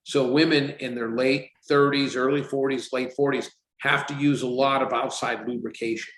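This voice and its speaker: A man's voice: medium pitch, moderate pace. A man in his sixties, a company CEO guest on a casual podcast, telling stories and acting out the voices of the people he quotes. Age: 60s. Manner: animated storyteller, acts out quotes. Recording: roomy echo.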